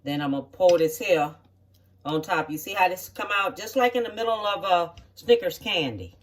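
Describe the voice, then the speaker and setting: In a home kitchen, a cook with a mid-range, animated voice talks at a moderate pace through a recipe demonstration. The instructions come step by step in a folksy, chatty way, with frequent "okay?" check-ins to the audience. The voice sounds distant from the mic.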